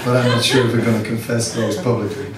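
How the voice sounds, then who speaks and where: A middle-aged monk giving a seminar talk, self-mocking and anecdotal, laughing often and rambling with fillers. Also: male voice, medium pitch, flat delivery, fast, over a noisy crowd. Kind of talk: spiritual talk to a live audience. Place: large seminar hall. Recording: echoey hall, distant mic, audience.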